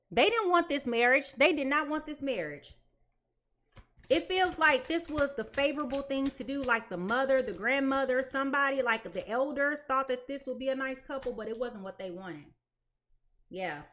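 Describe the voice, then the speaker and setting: A woman with a high, bright voice gives a live tarot reading. Her pitch swings widely as she talks, and she is blunt and emphatic, driving each point home by repeating it. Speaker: tarot reader.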